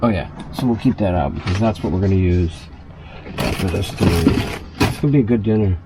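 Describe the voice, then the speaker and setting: A man's voice: low-pitched, fairly quick, very noisy. A man chatting loosely through a casual cooking vlog inside his small RV, full of fillers and asides.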